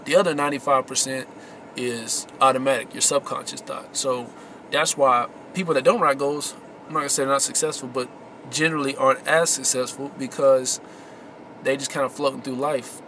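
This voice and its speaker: A man's voice: mid-range voice, fairly even intonation, a little fast, sharp tone, a little hiss or hum. A man giving casual motivational tips to his viewers, slangy and emphatic, repeating his key words. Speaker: vlogger giving success tips. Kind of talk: casual motivational talk to camera.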